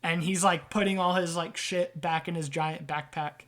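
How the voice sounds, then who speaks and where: A woman's voice: fairly low pitch, fairly even intonation, moderate pace. A woman narrating as game master in a tabletop game, speaking casually with lots of filler words. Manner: casual, loose, full of fillers.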